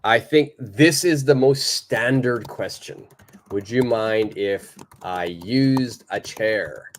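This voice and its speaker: A man teaching a live online English lesson, patiently repeating example sentences in a clear, careful way. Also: on the low side, slow pace, slight background noise.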